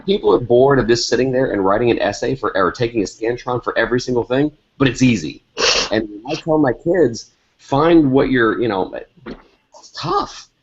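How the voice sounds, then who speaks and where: A man's voice: medium pitch, normal speed, husky. A man, a guest author, talking earnestly in a casual video call discussion, telling a story with stammered restarts. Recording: dull lo-fi video call audio.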